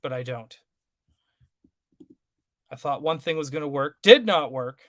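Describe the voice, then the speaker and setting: A man's voice: a little high, expressive, a little slow, dry recording. A man co-hosting a casual live stream, rambling and apologetic as he fumbles with the tech. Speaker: podcast co-host.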